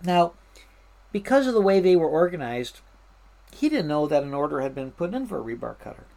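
A woman recounts her firefighting days in an easygoing, chatty way. She stops and restarts often, fills pauses with ums and you-knows, and slips into the voices of the people she quotes. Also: deep voice. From Washington State. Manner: animated anecdotes with fillers and restarts, mimics voices. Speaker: interview guest, firefighter. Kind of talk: casual storytelling.

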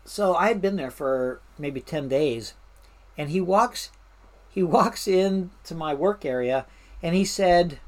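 A woman's voice: fairly low pitch, takes it slowly. Woman telling firefighting stories with restarts. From Washington State. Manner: animated anecdotes with fillers and restarts, mimics voices. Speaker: interview guest, firefighter. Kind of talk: casual storytelling.

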